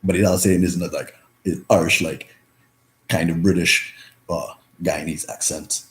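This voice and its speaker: A man's voice: low-pitched, steady tone, unhurried. A young man in a reflective personal monologue, rambling through many fillers and swearing freely. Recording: echoey room.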